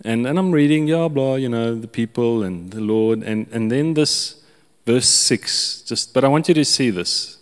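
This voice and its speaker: A man's voice: medium pitch, measured pace, clear, resonant tone, big-room sound. A man preaching a sermon, telling a personal story with many restarts and chuckles. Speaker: pastor.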